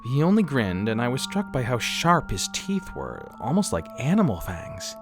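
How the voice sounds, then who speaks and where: A man's voice: mid-range voice, huge pitch swings, normal speed, music in the background. A man narrating a first-person horror story in a dramatic, wry scripted telling.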